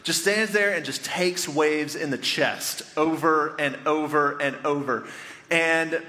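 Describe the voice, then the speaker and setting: A pastor in his thirties with a fairly high, bright and forceful voice, telling stories and joking with the congregation in a chatty sermon. His voice rings out with a long reverb, as if filling a large church hall. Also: takes it slowly. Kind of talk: conversational storytelling sermon. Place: church sanctuary before a congregation.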